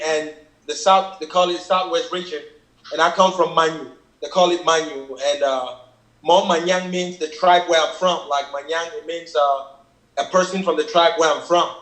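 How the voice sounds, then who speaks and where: A man's voice: high-pitched, a bit bright. A man from Cameroon, a rapper, talking casually about his verse in a laid-back way, often repeating and restarting phrases. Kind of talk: casual reaction interview. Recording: echoey room with faint music.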